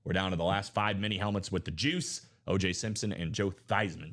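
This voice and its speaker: A man's voice: sits low, fairly even intonation, a bit bright. Hyped man hosting a live break. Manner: rapid listing, hyped and chatty. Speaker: live sports card break host. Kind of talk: live-stream sales patter.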